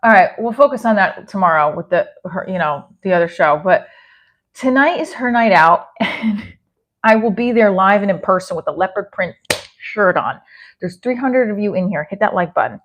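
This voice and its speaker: A woman's voice: mid-range voice, animated, moderate pace. A woman hosting a live stream, rambling casually and answering viewer comments, with a self-deprecating, chatty manner and many restarts. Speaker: livestream host reading viewer comments.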